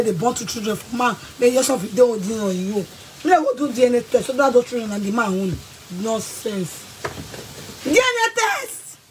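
Shouting Nigerian woman on an angry rant. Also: on the high side, slight background noise, rough recording. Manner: loud, scolding and threatening, shouting bursts. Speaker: vlogger.

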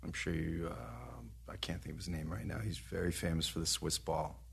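A man's voice: low voice, moderate pace, creaky, a little hiss or hum. A man in his fifties, a trainer guest on a podcast, telling long rambling anecdotes with swearing and laughter. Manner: rambling anecdotes, profane, laughs while talking. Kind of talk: casual podcast storytelling.

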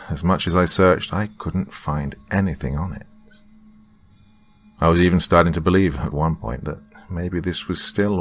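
A man with an extremely deep, low voice reads a horror story aloud. His delivery is slow and dramatic, and he sinks into whispers for effect. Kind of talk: scripted horror narration.

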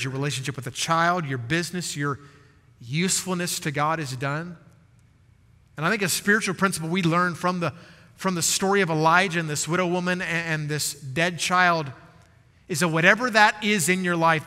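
A male pastor delivers an earnest sermon with emphatic stresses and dramatic pauses. His voice sits a bit high and comes across bright and forceful. A long reverb from a large church sanctuary trails each phrase.

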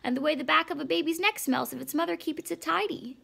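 A woman reading as a dreamy young schoolboy in a storybook, in a high, gravelly voice. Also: fast talker, bright, forceful tone, exaggerated voice.

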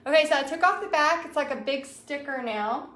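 A woman's voice: high voice, a little fast, a bit bright. A woman, hosting a casual live art stream and chatting as she reads viewer comments aloud. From Texas. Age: 40s. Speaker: art livestream host. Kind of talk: casual live craft demo chat. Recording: roomy livestream sound.

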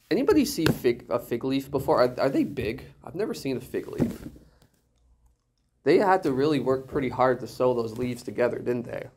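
A male pastor preaching an animated sermon, full of jokes and rhetorical questions. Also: mid-range voice.

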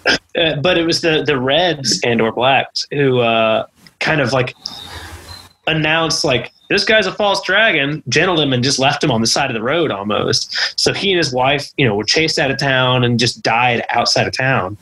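A man co-hosting a podcast, talking things through in a relaxed way with plenty of fillers. His voice is husky with a bright edge and sits at a mid pitch. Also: normal speed, low-quality recording. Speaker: podcast co-host. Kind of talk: casual podcast chat.

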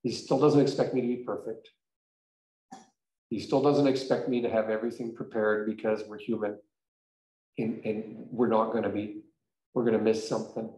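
Animated man preaching in an echoey church. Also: lowish voice, moderate pace, long pauses. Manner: conversational storytelling, animated and emphatic. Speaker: pastor. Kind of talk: sermon. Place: church sanctuary.

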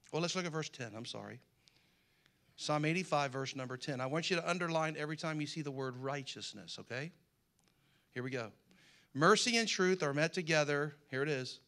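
A male pastor with a mid-range voice that sounds pushed and bright preaches a sermon. He reads scripture aloud with rising emphasis and slips folksy jokes to the congregation.

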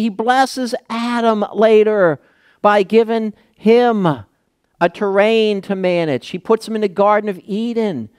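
Slow, clear-voiced preaching man. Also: sits high, dry recording, studio quality. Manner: emphatic, asks the congregation questions. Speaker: pastor. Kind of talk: sermon.

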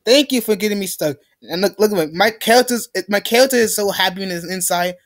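A man's voice: high voice, fast talker. A young man giving let's play commentary, ranting in frustration and pleading with the game. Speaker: gamer.

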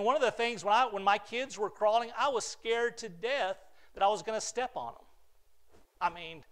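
Earnest high-voiced male pastor preaching. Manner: earnest, repeats words, drops to soft near-whispers then rises. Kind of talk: sermon.

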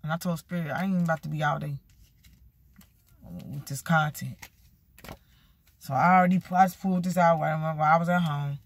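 A woman giving a casual tarot card reading, sassy and animated, talking straight to her viewers. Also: deep voice, fairly quick, pauses often. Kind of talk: casual spiritual reading vlog.

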